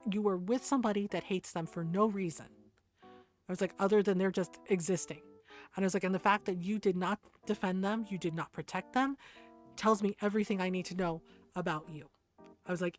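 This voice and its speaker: A woman streamer telling a story while gaming, swearing freely, laughing often and heatedly quoting herself. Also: mid-range voice. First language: Tagalog.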